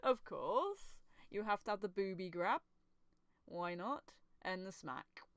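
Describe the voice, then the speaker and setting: Smooth-voiced woman, swearing freely. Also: medium pitch, expressive, takes it slowly, fairly bright tone, dry recording. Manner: swears freely, laughs often, reads lines aloud. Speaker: manga reaction youtuber. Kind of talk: casual reaction commentary.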